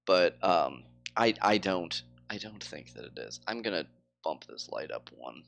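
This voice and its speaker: A man's voice: deep voice, lively intonation, measured pace, vocal fry, a bit bright. A man chatting casually on a live game stream, rambling with lots of fillers.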